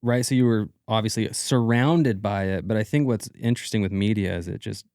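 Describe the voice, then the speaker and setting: A man's voice: fairly low pitch, brisk, darkish tone, no echo, studio quality. A man co-hosting a podcast, asking questions and explaining things in a casual, conversational way. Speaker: podcast co-host.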